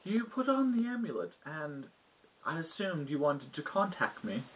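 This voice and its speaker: A man voicing an ancient mystic woman spirit bound in an amulet, in a hushed, echoing, slow and measured way. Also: medium pitch, expressive, husky. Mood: calm, knowing.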